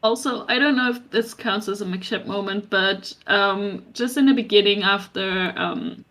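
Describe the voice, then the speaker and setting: A woman's voice: medium pitch, steady tone, a little slow, fairly bright tone. A woman co-hosting a fan podcast in casual chat, thoughtful and a little hesitant. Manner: thoughtful, hesitant, with frequent restarts. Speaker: podcast co-host.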